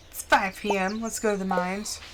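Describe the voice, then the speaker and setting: A woman's voice: medium pitch, moderate pace, background noise. A young adult woman hosting a live stream, chatting casually and playfully while she plays a game. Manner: chatty and playful, with animated storytelling asides. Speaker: live-stream gaming host.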